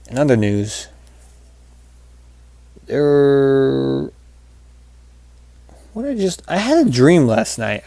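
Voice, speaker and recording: A man giving casual gameplay commentary as he rambles through a story, full of fillers and false starts. His voice sits at a middle pitch. The recording is dry and close, with no room sound. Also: dark tone, no room sound. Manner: rambling, with many fillers and restarts. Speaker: channel host.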